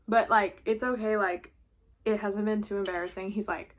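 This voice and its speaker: A woman's voice: mid-range voice, steady tone, a little slow, long pauses. A teenage girl vlogging while eating, chatty and casual, saying "like" constantly. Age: teens. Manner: chatty, heavy use of "like".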